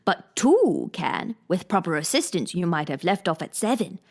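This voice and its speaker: A haughty, self-important egg man perched on a wall, read by a woman drawls every word slowly and lectures as though each remark were a grand pronouncement. his tone is lofty and prickly, like someone easily offended, and he sounds far from the mic. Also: fairly low pitch, big pitch swings. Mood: pompous.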